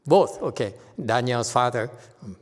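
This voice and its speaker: Male meditation teacher, Chinese accent, unhurried conversational sermon, long hall reverb. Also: mid-range voice, animated. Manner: slow, conversational teaching with frequent "okay?" checks. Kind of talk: Dharma talk with audience questions.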